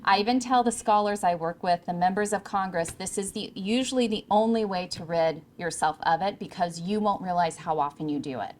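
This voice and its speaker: A woman's voice: fairly low pitch, brisk, hardly any pauses, slight background noise. Brief: woman speaker at a podium, projected and emphatic, coaching tone. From California. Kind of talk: presentation to interns. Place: event room with audience. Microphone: handheld or podium microphone.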